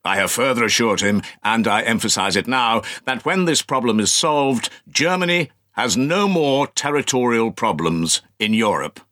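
A man's voice: mid-range voice, expressive, moderate pace, hardly any pauses, bright, forceful tone, voice pushed up. A man reading an audiobook, voicing a 1930s dictator who delivers a solemn speech with emphatic, declaiming force.

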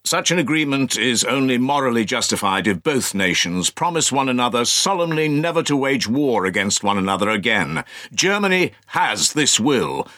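A man's voice: medium pitch, very animated, moderate pace, bright, forceful tone, pitched above the performer's own voice. A man reading an audiobook, voicing a 1930s dictator who delivers a solemn speech with emphatic, declaiming force.

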